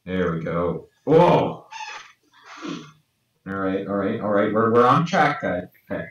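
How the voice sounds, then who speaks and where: A man with a very low voice talks slowly and half to himself while he draws. The sound is echoey and dull, and he is set back from the mic. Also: very animated, fairly bright tone, distant mic. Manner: mutters to himself while working, low-key. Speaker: podcast co-host. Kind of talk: casual chat while drawing.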